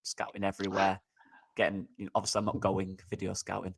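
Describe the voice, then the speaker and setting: A man with a lowish voice talks football as a podcast co-host. He sounds upbeat and chatty and keeps calling his friend mate. He is relaxed and easygoing. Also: quick pace, gravelly, breathy edge. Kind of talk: casual football podcast chat.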